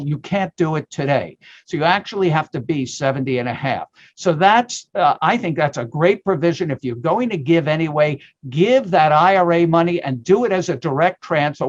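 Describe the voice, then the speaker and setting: Male guest expert, somewhat high pitch, punchy and emphatic, mock-salesman bursts, slightly muffled radio audio. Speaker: retirement account tax expert guest. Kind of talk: explaining tax rules on a radio show.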